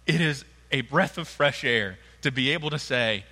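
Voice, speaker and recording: A man's voice: medium pitch, expressive, normal speed, bright, forceful tone. A man preaching acts out the disciples, gushing and celebrating with relief. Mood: elated. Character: overjoyed, relieved male disciples. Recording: long hall reverb.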